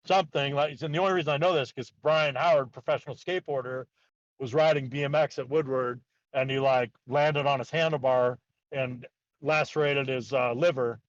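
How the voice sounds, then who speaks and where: A man's voice: medium pitch, fairly even intonation, brisk, no room sound. Man rambling through a story, dull lo-fi sound. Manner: rambling, heavy use of "like", acts out quotes. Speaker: guest, BMX park builder. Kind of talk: casual storytelling.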